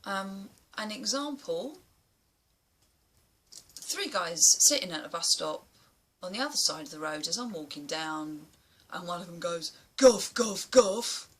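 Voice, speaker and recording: A woman's voice: fairly low pitch, a little slow, long pauses, bright, forceful tone, a little hiss or hum. A woman talking blunt and emphatic to camera in a casual vlog, swearing now and then. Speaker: vlogger.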